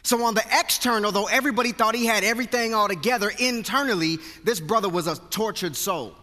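A man's voice: sits high, fast, sharp tone. A male pastor preaching a sermon into a handheld mic, earnest and mixing scripture with casual slang. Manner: earnest, conversational slang storytelling. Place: church sanctuary. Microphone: handheld microphone. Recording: long hall reverb.

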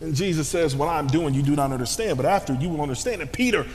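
A man preaching a sermon, moving from hushed near-whispers to shouts, with slangy conversational asides. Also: quick pace. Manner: dynamic, swings from hushed to shouting. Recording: long hall reverb, faint rumble.

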